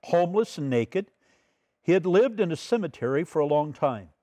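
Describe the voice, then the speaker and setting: A fairly high-voiced male pastor. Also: expressive, normal speed, mellow, no echo. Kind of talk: midweek Bible study sermon.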